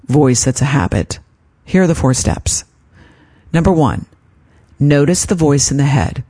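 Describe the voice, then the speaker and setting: A woman speaks on her self-help podcast in a gentle, encouraging way. Her pitch swings widely as she coaches the listener. She is calm and kind as she gives advice. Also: husky. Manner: gentle, encouraging, acts out her inner voice in quotes. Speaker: podcast host and life coach.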